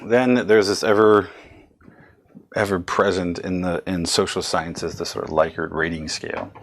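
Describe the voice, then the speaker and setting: Male lecturer, low voice, rambling conversational delivery with many restarts. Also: steady tone, unhurried. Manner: rambling, self-correcting, conversational. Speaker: psychology lecturer. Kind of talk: recorded lecture.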